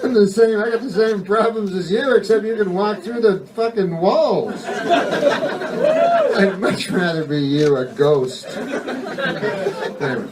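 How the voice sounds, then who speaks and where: A male stand-up comedian telling a rambling, deadpan bit full of swearing and digressions. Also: sits high, slow pace, long pauses, recorded from a distance, a loud crowd, very noisy.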